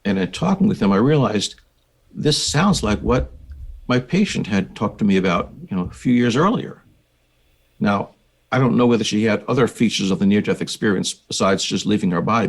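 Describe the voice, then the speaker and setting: Older American man with a gravelly low voice. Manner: measured, reflective storytelling with occasional fillers. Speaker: psychiatrist and researcher, guest. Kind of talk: conversational podcast interview.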